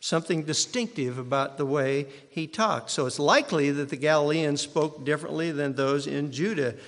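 A man's voice: on the high side, normal speed. A man from Iowa preaching a sermon as pastor, teaching in a conversational, digressive way. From Iowa, USA. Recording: long hall reverb.

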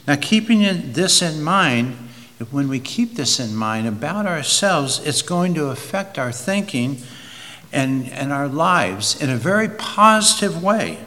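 A man preaching a sermon, slow and deliberate, rising for emphasis and reading scripture aloud. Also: on the high side, big pitch swings, sharp tone. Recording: long hall reverb.

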